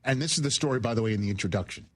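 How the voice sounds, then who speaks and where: Husky-voiced male radio host, enthusiastic interviewer. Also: mid-range voice, racing.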